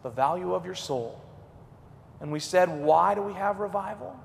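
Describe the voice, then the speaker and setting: Animated high-voiced preacher, man, booming hall. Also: normal speed, creaky, a little hiss or hum. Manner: animated, swings from loud to hushed. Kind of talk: revival sermon. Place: church sanctuary. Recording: long hall reverb.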